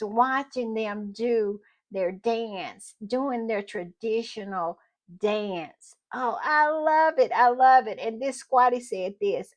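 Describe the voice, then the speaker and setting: Slow-talking chatty woman. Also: a little high. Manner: chatty, gushing, addresses viewers as y'all. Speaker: channel host. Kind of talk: casual commentary vlog.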